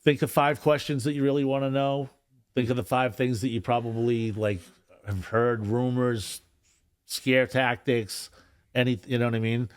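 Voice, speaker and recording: This man talks loosely about union work as a podcast guest, cursing a lot and frequently starting his sentences over. His medium-pitched voice is smooth and level at a normal speed, recorded dry with clean studio sound.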